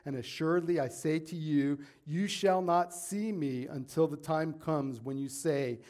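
A man's voice: fairly high pitch, darkish tone. A man preaching a sermon, reading scripture and retelling it in everyday words, earnest and at times emphatic. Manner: earnest, rising to emphatic peaks, with asides and paraphrases. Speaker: pastor.

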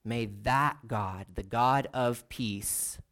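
A man preaching a sermon, earnest and deliberate, slowing down to lean on key words. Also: mid-range voice, a bit bright.

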